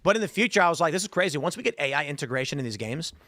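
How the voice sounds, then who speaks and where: A man with a fairly high voice hosts a casual podcast debate, pressing his point and cutting in on his co-host. The sound is dry and close, with no room around it. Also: very animated, very fast, sharp tone, no echo. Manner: argumentative, interrupts. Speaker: show host.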